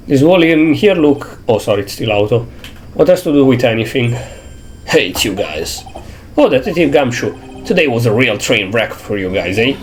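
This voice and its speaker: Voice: medium pitch, lively intonation, a little fast. A streamer with a cold casually reading a game's dialogue aloud and commenting between lines, with some swearing. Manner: casual, swears, reads text half-aloud. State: sniffly with a cold, coughing.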